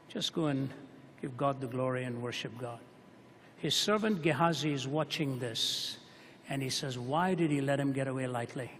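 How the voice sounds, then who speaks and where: A man preaching a sermon to a hall audience, telling stories with dramatic rises and hushed drops. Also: medium pitch, normal speed, a little hiss or hum. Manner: dramatic storytelling, voice rising and dropping to a hush. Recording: long hall reverb.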